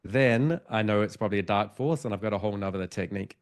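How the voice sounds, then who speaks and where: A middle-aged man, a hypnotherapist guest, telling a story in casual podcast talk, animated and full of restarts. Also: fairly low pitch, fast. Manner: animated retelling with frequent restarts and acted-out dialogue.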